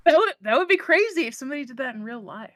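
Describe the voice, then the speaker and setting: A woman co-hosting a podcast, chatting casually with quick reactions and casual swearing. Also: high-pitched, expressive, a bit bright. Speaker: podcast co-host. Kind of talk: casual chat.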